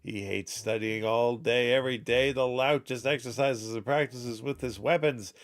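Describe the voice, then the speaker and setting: A man's voice: mid-range voice, normal speed, faint music behind, natural voice. Man putting on a pompous old scholar. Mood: grumbling. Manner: pompous, lecturing. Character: fussy old male scholar, pompous and long-winded.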